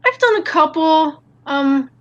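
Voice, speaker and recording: High, giggly woman on a video call. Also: expressive, slow pace, a bit bright, dull audio. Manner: giggly, chatty, trails off with laughs. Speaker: guest artist. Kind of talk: casual interview chat.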